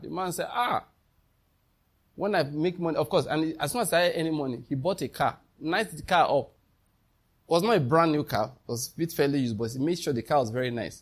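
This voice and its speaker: A man's voice: on the high side, slightly rough. A man, preaching a sermon as pastor, emphatic and calling out questions to the congregation.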